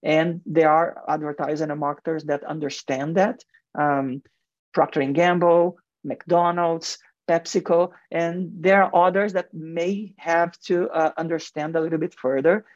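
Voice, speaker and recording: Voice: medium pitch, steady tone, a little slow, no echo. A guest in marketing and advertising speaks earnestly in a radio interview with a heavy accent and frequent restarts. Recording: dull lo-fi radio sound, dry.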